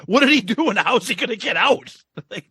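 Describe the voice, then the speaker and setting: A man in his fifties co-hosts a casual podcast, dropping quick agreements and recalling his side of the tale. His voice is high, lively and bright with a husky grain. The sound is dry and close. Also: dry recording. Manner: frequent short agreements. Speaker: podcast co-host. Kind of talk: casual chat, backchanneling.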